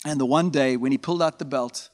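Pastor preaching in a reverberant hall. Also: male voice, mid-range voice, fast talker. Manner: informal storytelling with frequent fillers and asides. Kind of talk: conversational sermon.

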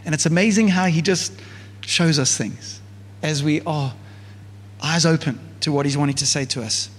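Casual, husky-voiced pastor preaching. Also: male voice, on the high side, normal speed. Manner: casual, conversational preaching with many fillers. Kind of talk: sermon. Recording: church hall with long reverb.

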